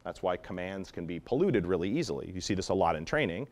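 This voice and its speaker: A man explaining dog training methods in an animated teaching talk, acting out example tones of voice as he goes. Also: low voice, fast. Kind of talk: instructional talk.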